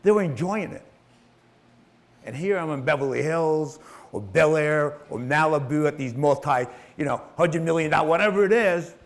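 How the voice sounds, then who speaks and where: In a fairly high voice at a moderate pace, a middle-aged man gives an emotional, profane motivational talk about his life, doing the voices of the people in his story.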